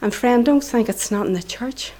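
A woman's voice: on the high side, normal speed, mellow. A middle-aged woman with a Northern Irish accent gives an earnest, impassioned church testimony, sometimes dropping into a whisper. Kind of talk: preaching testimony.

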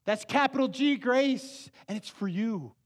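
A man preaching a sermon as pastor, moving between loud emphatic peaks and hushed, low asides. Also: expressive, measured pace. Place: church sanctuary. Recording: long church hall reverb.

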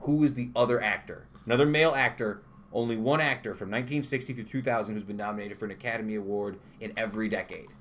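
A man with an Upstate New York accent co-hosts a casual podcast. He reads history trivia in a relaxed, joking way. Faint noise sits under his voice. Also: lowish voice, quick pace, few pauses. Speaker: podcast co-host.

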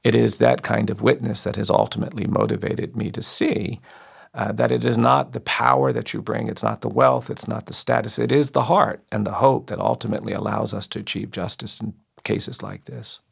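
A middle-aged lawyer telling a story slowly and earnestly, quoting the people in it. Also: male voice, fairly low pitch, little pitch movement, gravelly, slightly rough. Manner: slow, earnest storytelling with quoted voices. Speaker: civil rights lawyer. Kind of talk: storytelling speech.

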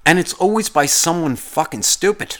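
A man's voice: on the high side, animated, normal speed, fairly bright tone. A man hosting a podcast, talking in a casual, rambling, profane monologue full of complaints. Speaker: podcast host.

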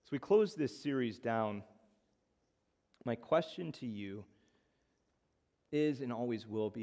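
A man preaching a sermon, swinging from loud emphatic lines to soft, slow appeals. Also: mid-range voice, expressive, in a large hall. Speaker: pastor.

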